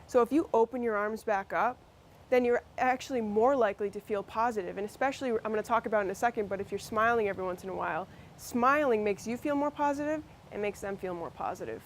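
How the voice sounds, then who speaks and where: A woman with a Massachusetts accent teaches a workshop group in a loose, conversational way, restarting sentences as she goes. Her voice sits at a middling pitch. A faint room noise runs underneath. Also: quick pace. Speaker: workshop presenter. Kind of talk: instructional workshop talk.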